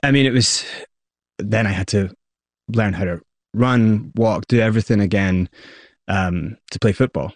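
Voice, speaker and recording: A man's voice: fairly low pitch, unhurried, long pauses, dry recording. A Scottish man, raised partly in South Africa, telling his personal story candidly in an interview. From Scotland, raised partly in South Africa. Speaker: guest.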